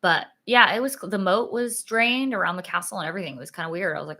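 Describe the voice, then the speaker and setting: A woman's voice: medium pitch, fast talker, sharp tone. A young woman vlogging in a rambling, chatty way, full of "like" and "um", sleepy and yawning. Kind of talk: casual sit-down vlog chat.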